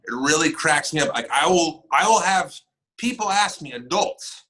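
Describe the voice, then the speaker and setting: Animated, bright-voiced man telling stories. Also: fairly high pitch, normal speed, poor audio. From northern United States. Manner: animated storyteller, acts out quoted exchanges. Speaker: podcast guest, military servicemember and actor. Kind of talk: casual chat.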